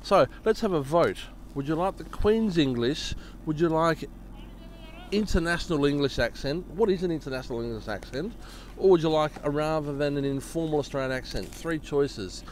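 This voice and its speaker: A man's voice: on the high side, moderate pace, slight background noise. A man giving casual live cricket commentary, chatty and joking and often laughing.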